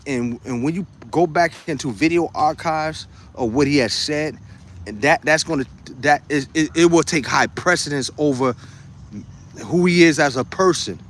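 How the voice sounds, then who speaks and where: A man's voice: fairly high pitch, fairly bright tone. A man chatting casually on a livestream, reading viewer comments, laughing often and repeating phrases as he talks. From United States. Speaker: livestream host.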